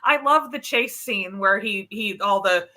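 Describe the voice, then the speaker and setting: A woman guesting on a film podcast, chatting animatedly with quick asides and laughter. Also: mid-range voice, animated, pushed and bright. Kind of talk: casual film discussion.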